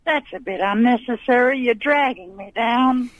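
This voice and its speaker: Fields: Figure: gushing grand old lady caller played by a man. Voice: very high. Line: dull phone. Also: moderate pace, no room sound. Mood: flirtatious. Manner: gushing, talks over the host, calls him darling. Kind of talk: comic phone-in character.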